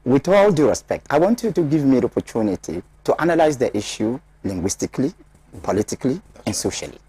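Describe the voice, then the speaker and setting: A man's voice: mid-range voice, sing-song, fast talker, dark tone, slightly rough, no echo. A man from Ghana, a studio panelist, lecturing in an emphatic, explaining manner with many repetitions. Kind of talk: studio discussion analysis.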